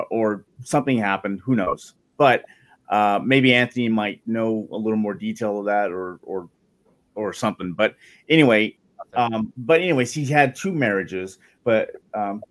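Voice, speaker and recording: Guy on a video call reading stuff out, halting, lots of ums. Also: fairly low pitch. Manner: hesitant, fillers, reads aloud haltingly. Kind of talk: casual online discussion.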